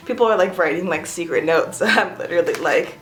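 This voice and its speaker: A woman's voice: on the low side, normal speed, fairly bright tone, a little hiss or hum. A young woman giving a casual, self-mocking tour of her home art studio, chatty and giggly. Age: young adult. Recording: echoey room.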